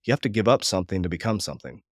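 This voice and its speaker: Fast-talking heartfelt man, lowish voice. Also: big pitch swings, dry recording, studio quality. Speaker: business coach, guest. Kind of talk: emotional podcast conversation.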